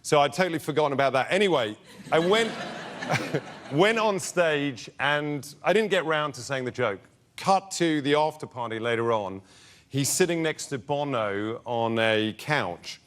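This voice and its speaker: A man telling a comic anecdote as a talk show guest, animated and laughing, on a noisy recording. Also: fairly high pitch, measured pace.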